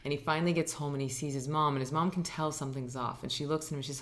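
A woman who teaches meditation, talking as a guest on an interview show in a dining room, animated and acting out little quotes as she explains. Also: low voice, very fast. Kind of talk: casual interview chat.

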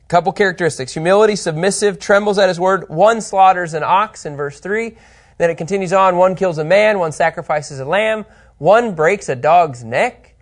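A man teaching an informal Bible lesson, animated and chatty, often checking in with his listeners and his co-host. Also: a little high, normal speed.

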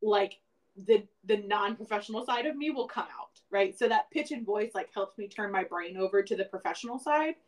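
A woman co-hosts a podcast in a relaxed, rambling way. She thinks aloud and scatters "like" through her sentences, with a voice of middling pitch. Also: a little fast, low-quality recording. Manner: rambling, many "like" fillers, reflective. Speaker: podcast co-host. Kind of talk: casual chat.

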